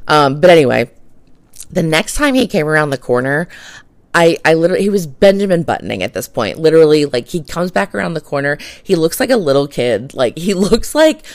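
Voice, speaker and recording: Female podcast host, gravelly edge, close and dry, rambling chatty storyteller with lots of fillers. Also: sits low, sing-song, brisk, dry recording. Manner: chatty, filler-heavy, laughs while telling a story. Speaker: realtor. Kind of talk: casual storytelling monologue.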